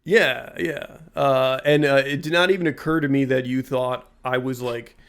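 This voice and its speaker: A man's voice: mid-range voice, steady tone, normal speed, a bit bright. A man co-hosting a comedy podcast, chatting casually in a laid-back, rambling way with frequent chuckles. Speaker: podcast co-host.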